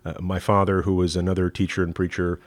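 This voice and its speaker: A rabbi from East Texas with a Southern accent, hosting a live-streamed teaching talk in a folksy, rambling way with many fillers. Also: male voice, deep voice, little pitch movement, fast talker, no room sound. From East Texas, USA. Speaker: rabbi and show host.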